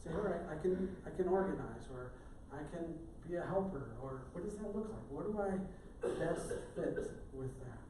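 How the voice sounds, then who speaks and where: A man's voice: on the high side, animated, moderate pace, hardly any pauses, dark tone, slight background noise. A middle-aged male pastor giving a sermon in a conversational, joking way. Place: church sanctuary. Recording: echoey church room, distant mic.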